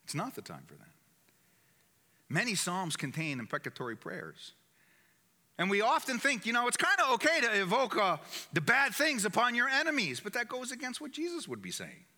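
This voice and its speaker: High, lively male preacher, hammers phrases twice, echoey hall. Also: a little fast. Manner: emphatic, repeats key phrases. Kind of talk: sermon.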